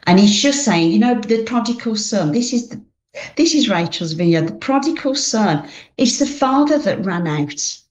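A woman's voice: medium pitch, expressive, moderate pace, a little mellow. A woman as an interview guest, speaking earnestly about faith and grief and often repeating her phrases. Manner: earnest, repeats phrases, reads own poem aloud. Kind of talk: faith interview, personal testimony.

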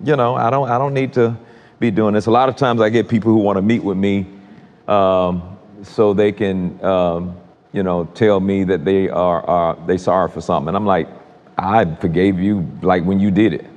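Speaking straight to his congregation, this preacher delivers a conversational sermon that keeps circling back over the same points. His deep, darkish voice holds a level tone at a moderate pace, and a long reverb fills the hall.

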